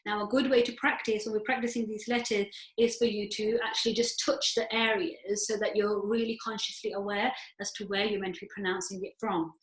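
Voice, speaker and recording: A woman's voice: mid-range voice, fairly even intonation, brisk, hardly any pauses, reverberant. A woman teaching a recitation class over a video call, patiently explaining and demonstrating sounds step by step.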